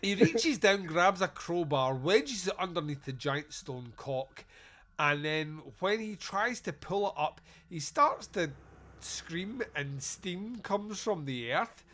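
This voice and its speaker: A man's voice: high voice, animated, slow, sharp tone. A man hosting a podcast, recapping a film in casual, sweary, joking chat. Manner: sweary, jokey, quotes scenes in put-on voices. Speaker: podcast host.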